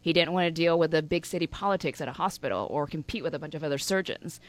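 A woman's voice: deep voice, fast talker. A woman from Alabama with a Southern accent, a news anchor chatting as a podcast guest, telling stories with frequent giggles. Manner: giggly, animated storyteller. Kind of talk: casual podcast chat.

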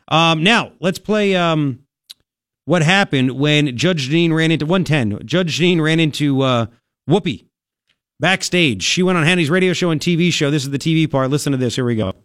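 A man's voice: fairly high pitch, normal speed, a bit bright, no room sound. A man hosting a talk radio show, delivering a brash, sarcastic, opinionated monologue into a studio microphone.

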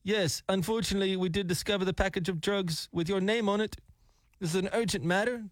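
A man's voice: high voice, a little fast, no echo, studio quality, pitched above the performer's own voice, lightly acted. A man on the radio voicing an impatient male phone scammer with a foreign accent, stiff and insistent. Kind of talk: retelling a phone call on radio.

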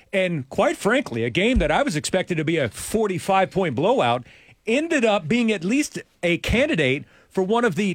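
A man's voice: high voice, dry recording. A man hosting a casual morning radio show in a studio, rambling and chuckling often.

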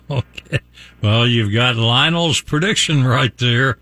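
A man's voice: mid-range voice, slow, sharp tone, dry recording. A man hosting a morning radio show, wrapping up a segment with brief, upbeat remarks. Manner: brief, upbeat on-air wrap-ups.

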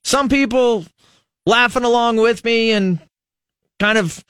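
A man's voice: very high voice, takes it slowly, fairly bright tone, clean tone, dry recording. A middle-aged man from the United States hosting a local radio show in a studio, rambling in a casual, self-mocking way and laughing at his own slips. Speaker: radio host. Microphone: studio microphone.

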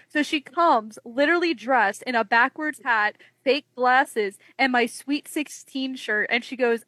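An animated young woman with a fairly high voice tells stories on a podcast. She slips into quoted voices of friends and family as she goes. The recording is dry and close. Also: unhurried, few pauses, no echo. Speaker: wrestling journalist guest. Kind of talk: casual podcast storytelling.

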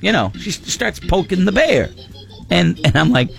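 Middle-aged male radio host, slightly high voice, lively animated storytelling, laughs often. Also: unhurried, vocal fry, faint music behind. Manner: animated storytelling, laughing often, acting out his wife's lines. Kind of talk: morning radio banter.

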